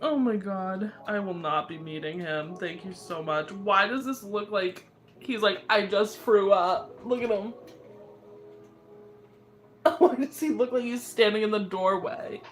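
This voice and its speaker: A woman's voice: medium pitch, measured pace. A young woman hosting a casual livestream, laughing constantly and squealing her reactions. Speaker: livestream host.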